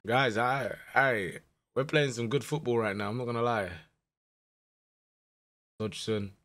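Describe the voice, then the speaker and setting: Excitable young man. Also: mid-range voice. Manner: animated, swings from muttered dread to shouting excitement. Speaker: gaming YouTuber. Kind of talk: live gameplay commentary.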